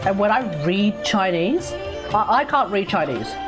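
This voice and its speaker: A woman's voice: mid-range voice, very animated, unhurried. An Australian woman streaming games, chatting casually and rambling, often correcting herself. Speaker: gaming streamer. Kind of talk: casual live stream chat. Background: background music.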